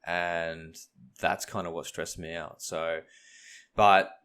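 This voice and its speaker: Deep-voiced young man, animated storyteller. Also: slow, clear, resonant tone. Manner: animated retelling with acted-out quotes. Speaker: podcast co-host. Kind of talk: casual chat, storytelling.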